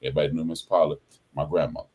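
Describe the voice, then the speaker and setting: A man hosting a podcast in casual chat, telling stories in an animated way and acting out the people he quotes. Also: rumbling low, racing, slightly rough. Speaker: podcast host.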